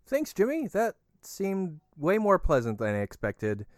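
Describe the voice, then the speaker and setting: A man hosting a comedy podcast, giving a casual, quick sign-off. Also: high-pitched, wildly swooping pitch, no echo, studio quality. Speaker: podcast host.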